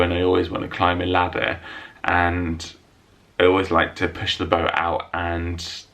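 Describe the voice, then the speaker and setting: A man's voice: low voice, creaky, bright, forceful tone. A man talking casually to camera at home, answering viewer questions in a jokey, self-mocking way. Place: room at home lit by a window.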